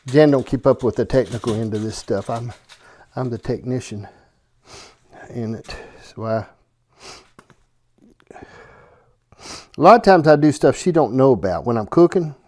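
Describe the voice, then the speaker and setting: A man's voice: mid-range voice, lively intonation, measured pace, long pauses, warm tone. A man hosting a cooking show from his home kitchen, chatting casually and joking with the person filming him. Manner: folksy, joking, keeps asking "okay?". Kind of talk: casual kitchen chat to camera.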